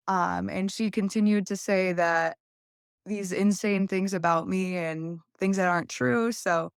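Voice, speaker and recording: A woman's voice: medium pitch, fairly even intonation, moderate pace, gravelly, clean tone, no echo, clean studio sound. A young adult woman, a podcast guest, telling a long story candidly in a casual interview and acting out quoted voices.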